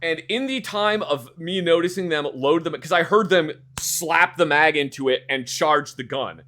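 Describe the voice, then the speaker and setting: A man streaming a game, telling a story in a casual, animated way, acting out the scene, swearing and repeating words. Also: fairly high pitch, moderate pace.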